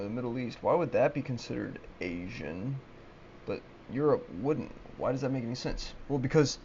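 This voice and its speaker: An agitated young man rants by himself to a webcam, swearing often and stammering through restarts. His voice is mid-range and darkish, captured on a laptop webcam mic with lo-fi sound and slight background noise.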